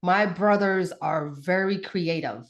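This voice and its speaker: A woman, a guest on a talk show, telling a childhood story in a casual, animated way with lots of fillers and restarts. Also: fairly low pitch, slow, dull audio. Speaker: podcast guest, mother.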